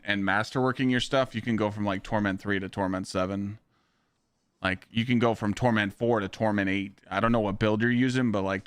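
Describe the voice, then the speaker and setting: A man's voice: on the low side, a bit bright, clear, resonant tone, no echo, studio quality. A young man live-streaming a game, chatting casually in a rambling, profane way and answering viewers' questions. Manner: profane, rambling, reads chat aloud.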